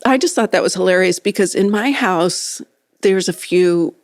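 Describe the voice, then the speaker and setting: A woman co-hosting a podcast in casual chat, easygoing and quick to laugh, often finishing her co-host's sentences. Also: on the low side, no room sound, studio quality. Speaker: podcast co-host.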